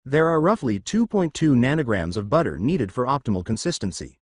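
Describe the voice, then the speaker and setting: A man's voice: mid-range voice, sing-song, fairly quick, dry recording, studio quality. A man voicing a precise, emotionless young male robot hero in a fan fiction reading, formal and clinical.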